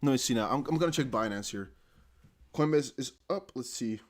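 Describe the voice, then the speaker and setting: With a medium pitch, lively intonation, and a slightly fast pace, this man hosts a crypto live stream in a light Dutch accent. He chats loosely, voices viewer comments, and often ends with a trailing "I don't know."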